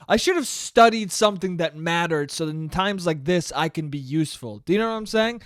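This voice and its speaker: A man's voice: sits high, normal speed, fairly bright tone, no room sound, studio quality. A young man hosting a solo podcast, ranting in a profane, self-mocking way and mimicking whiny complaints. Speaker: podcast host. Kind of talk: solo comedic rant.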